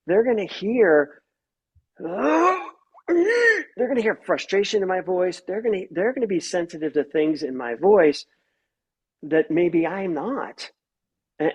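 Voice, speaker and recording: Husky-voiced man, animated guest therapist. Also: high-pitched, highs cut off. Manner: animated storyteller who acts out quoted voices. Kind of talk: podcast interview.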